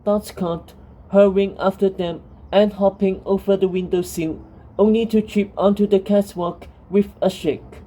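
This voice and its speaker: A woman narrating a fantasy storybook in a calm, steady reading voice. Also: medium pitch, moderate pace, rough recording.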